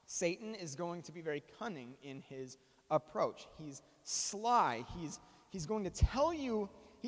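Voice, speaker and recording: Man preaching with a high voice in a hall. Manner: animated storytelling with dramatic pauses. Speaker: pastor. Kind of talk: sermon.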